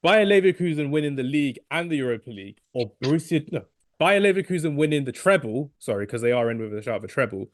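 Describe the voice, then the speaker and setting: Excitable male podcast host, hoarse. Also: fairly high pitch, fast talker, no room sound, studio quality. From England. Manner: rambling, excitable, self-correcting. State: losing his voice. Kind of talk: casual podcast chat.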